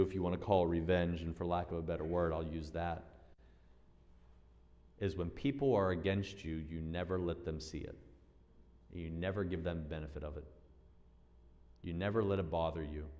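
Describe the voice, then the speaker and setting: A man preaching a sermon as pastor, animated, acting out quoted voices with big swings in pitch and loudness. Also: moderate pace, long pauses, dull audio. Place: church sanctuary. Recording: long church-hall reverb.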